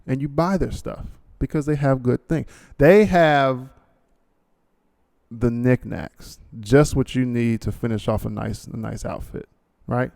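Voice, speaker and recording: Guy hosting his podcast, gravelly, rambling and joking with lots of uhs. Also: mid-range voice, unhurried, a little mellow. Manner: rambling, full of fillers and asides, ad-libs jokingly. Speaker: podcast host. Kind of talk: casual monologue with a read sponsor ad.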